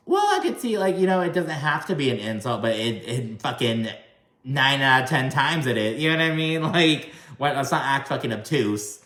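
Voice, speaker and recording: A man's voice: medium pitch, a little fast, bright, forceful tone. Profane, gossipy man in a roomy space. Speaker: reality TV recap host. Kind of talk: casual video recap commentary.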